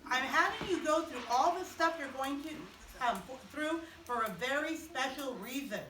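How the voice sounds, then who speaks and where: A woman voicing God in a children's Bible story, speaking softly and slowly to comfort, recorded from afar in an echoey room. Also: high voice, animated, far from the mic, background noise. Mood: reassuring. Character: God, calm reassuring voice to Joseph.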